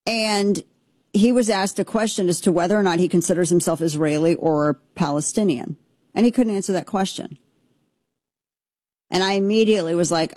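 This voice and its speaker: A woman's voice: lowish voice, warm tone, no room sound. A woman hosting a show, giving opinionated commentary in an impassioned, emphatic way that rambles with restarts.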